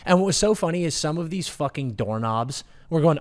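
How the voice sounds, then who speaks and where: A man's voice: a little high, expressive, a little fast. A man co-hosting a hockey podcast, telling a story in a profane, ranting, casual way. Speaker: podcast co-host. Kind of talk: casual chat.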